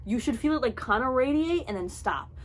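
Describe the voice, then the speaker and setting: Animated young woman telling a story. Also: high-pitched, fairly quick. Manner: animated, acts out voices in her stories. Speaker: vlogger. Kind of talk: storytime vlog.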